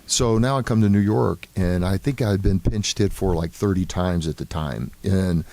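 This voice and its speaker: An older man with a lowish voice tells stories from his playing days at an easy pace, with plenty of "you know" and "um" along the way. The sound is close and dry, with no room around it. He comes across as a guest looking back in a casual interview. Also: moderate pace, gravelly, no echo. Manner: relaxed anecdotal storytelling with many fillers. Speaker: former baseball player, guest.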